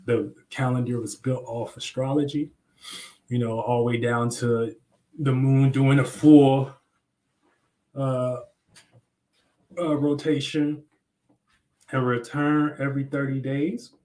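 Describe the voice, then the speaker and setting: A man's voice: mid-range voice, flat delivery, slow, pauses often, warm tone. A young adult man hosting a live astrology stream, talking loosely and slangily in rambling explanations. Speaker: astrology livestream host. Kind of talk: casual livestream talk.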